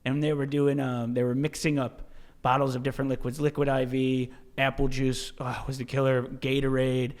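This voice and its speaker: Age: adult. Sex: man. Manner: profane, animated storyteller. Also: medium pitch, moderate pace. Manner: animated, profane, many restarts and "dude". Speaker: podcast guest, ultra-marathon runner. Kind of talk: casual storytelling.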